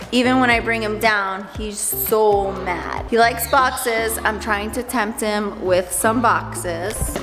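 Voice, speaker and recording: A woman at home talking playfully and coaxingly to her pet parrots in a casual vlog. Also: mid-range voice. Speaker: parrot owner vlogger. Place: at home indoors. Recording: echoey room with background music.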